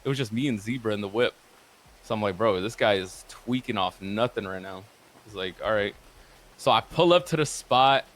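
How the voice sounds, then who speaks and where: A man's voice: lowish voice, moderate pace, fairly bright tone, slight background noise. A man casually recounting a roleplay session, rambling and cursing as he quotes the others back and forth. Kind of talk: casual storytelling.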